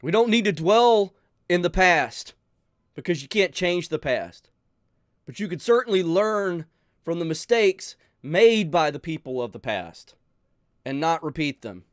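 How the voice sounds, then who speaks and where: A man hosting a channel, talking earnestly and emotionally to his viewers, pleading with them, sighing and pausing as he speaks. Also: fairly high pitch, lively intonation, dry recording, studio quality. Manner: emotional, pleading, with sighs and pauses. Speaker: channel host. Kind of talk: earnest heartfelt talk to viewers.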